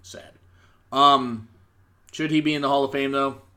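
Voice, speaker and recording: A man's voice: medium pitch, flat delivery, a little slow, sharp tone. A man hosting a casual wrestling review podcast, rambling and joking with plenty of ums. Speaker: podcast host.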